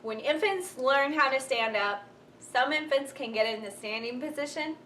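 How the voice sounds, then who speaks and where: A woman's voice: high-pitched, lively intonation, normal speed, fairly bright tone. A young woman vlogger telling funny stories in a casual, chatty way, laughing often and acting out the people she quotes. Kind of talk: casual storytelling while folding laundry. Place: home room. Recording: slightly distant mic with faint room noise.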